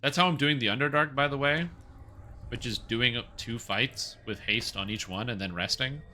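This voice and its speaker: A man's voice: mid-range voice, moderate pace, bright, forceful tone, a little hiss or hum. A man streaming a game, chatting casually and rambling through joking asides. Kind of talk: casual chat while playing.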